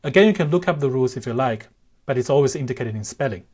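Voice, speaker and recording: A man giving an explanatory language lesson in a measured, careful way, pausing to demonstrate the pronunciation of words. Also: mid-range voice, animated, a little mellow, slightly rough. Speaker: language teacher.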